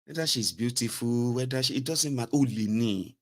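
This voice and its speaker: A Nigerian man giving casual, sarcastic political commentary in a rambling, animated way. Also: mid-range voice, a little fast.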